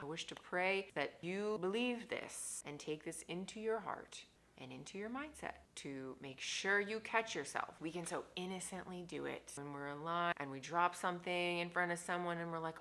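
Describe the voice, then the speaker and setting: Low, gravelly-voiced woman vlogging emphatically. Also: animated, moderate pace. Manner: emphatic, scolding, swings between loud stresses and whispers. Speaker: mindset coach. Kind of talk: casual vlog monologue to camera.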